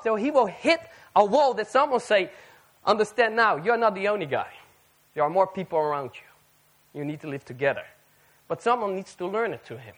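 Very high-voiced, animated male preacher. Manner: animated, asks the audience rhetorical questions. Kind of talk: sermon to a live audience.

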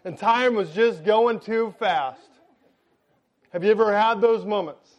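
A middle-aged man preaching a sermon, telling a funny, animated story and acting out the lines of the people in it. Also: sits high, a little slow, muffled recording. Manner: animated, jokey storytelling with acted-out quotes. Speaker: pastor.

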